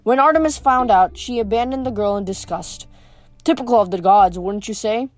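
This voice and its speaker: A woman reading the part of a smooth, scheming teenage boy villain in an audiobook, with a mocking manner. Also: medium pitch, normal speed, a little mellow, dry recording, natural voice.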